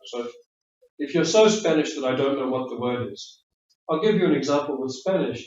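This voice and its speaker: English examiner in a roomy classroom. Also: male voice, mid-range voice, normal speed, a little mellow. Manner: friendly, chatty, explanatory, repeats words. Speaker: IELTS speaking examiner giving feedback. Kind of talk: spoken feedback after mock test. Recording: roomy, distant, dull classroom audio.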